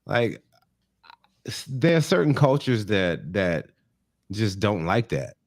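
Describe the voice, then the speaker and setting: A man's voice: lowish voice, big pitch swings, slow, no room sound, clean studio sound. A man co-hosting a podcast in casual chat, laid-back and slangy, adding comments to his partner's story. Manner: laid-back, slangy, chimes in with comments and little acted lines. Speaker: podcast co-host.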